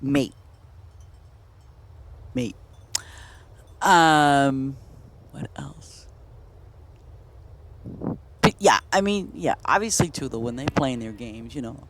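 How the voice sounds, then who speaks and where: A woman's voice: a bass voice, animated, takes it slowly, long pauses, a little hiss or hum. A woman chatting casually while she streams a game, rambling from story to story and laughing often. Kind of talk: casual chat while playing. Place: home, in Boston.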